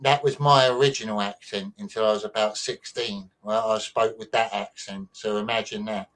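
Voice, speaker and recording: Rambling host with a softened Manchester accent. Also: male voice, lowish voice, fairly even intonation, moderate pace. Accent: mild Mancunian, softened by London. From near Manchester, England. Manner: rambling, repeats himself, chatty asides. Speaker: show host. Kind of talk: casual chat.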